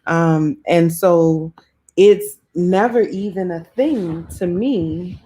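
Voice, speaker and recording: Speaking extremely slowly in a fairly low, mellow voice, this New Orleans native reads viewer comments during a relaxed live stream from her South Florida home. She laughs a lot, her New Orleans accent comes through, and there's slight background noise.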